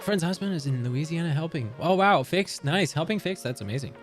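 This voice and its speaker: A man's voice: a little high, lively intonation, fairly quick. A young man streaming from Canada, chatting casually with viewers, rambling and swearing as he reads chat aloud. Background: faint music.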